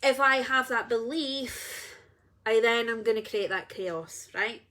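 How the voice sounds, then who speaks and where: An energy healer talks to her viewers in a casual spiritual vlog, earnest and rambling, often cutting herself off. Her voice is fairly high, bright and pushed, and she keeps a measured pace.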